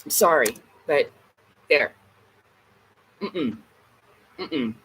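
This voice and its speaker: Husky-voiced woman ranting bluntly. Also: sits low, very animated, extremely slow, fairly bright tone, low-quality recording. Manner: blunt, heavy swearing, emphatic. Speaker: vlogger. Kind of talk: casual ranting vlog.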